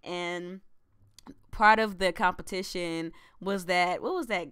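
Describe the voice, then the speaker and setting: A woman's voice: on the low side, steady tone, takes it slowly, a bit bright, clear, resonant tone, no room sound, clean studio sound. A woman co-hosting a casual gaming chat, chatty and slangy, laughing often. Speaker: podcast co-host.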